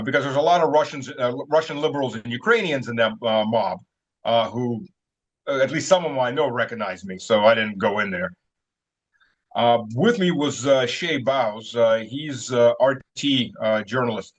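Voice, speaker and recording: A man telling stories in a casual interview, rambling with many fillers and chuckling as he goes. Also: mid-range voice. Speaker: guest commentator. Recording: dull lo-fi sound.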